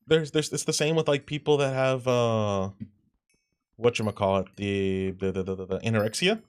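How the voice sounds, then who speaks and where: A man's voice: lowish voice, normal speed, a little mellow, clear, resonant tone, no room sound. Rambling, profane male livestreamer. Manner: rambling, profane, reads chat aloud and reacts. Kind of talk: casual livestream chat while gaming.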